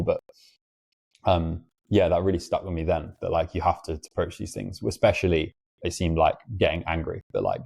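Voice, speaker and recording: Brief: young host, very low mellow voice, rapid chatty delivery. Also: male voice, vocal fry. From England. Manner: chatty, lots of fillers, quick storytelling. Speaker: podcast host. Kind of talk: casual interview chat.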